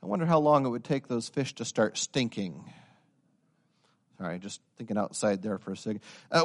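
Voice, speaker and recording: A young man preaching a sermon, telling stories and building to loud, emphatic insistence. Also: lowish voice, animated, moderate pace, long pauses. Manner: storytelling, swelling to emphatic raised-voice insistence.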